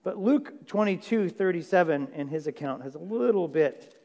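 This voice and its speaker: A man's voice: a little high, expressive, moderate pace, a little mellow. Conversational man preaching in a big hall. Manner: conversational, asks the audience questions. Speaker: pastor. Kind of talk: sermon. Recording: long hall reverb.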